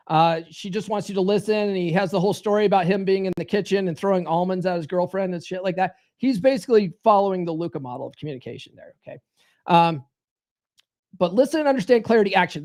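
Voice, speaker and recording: A man's voice: high-pitched, a little mellow. Blunt, swearing male dating coach. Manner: blunt, swears freely, repeats key phrases. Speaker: dating coach and podcast host. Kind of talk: podcast monologue giving advice.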